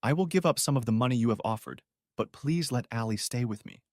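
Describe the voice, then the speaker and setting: A man's voice: medium pitch, animated, fast talker, a little mellow, no echo, clean studio sound, natural voice. A man voicing a sobbing, pleading wife. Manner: tearful, pleading, whimpering. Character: sobbing remorseful middle-aged wife.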